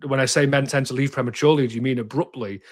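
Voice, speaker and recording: A man's voice: medium pitch, fairly even intonation, very fast. A man in his thirties, a therapist, speaking candidly in an interview, direct and emphatic, sometimes swearing and restarting his sentences.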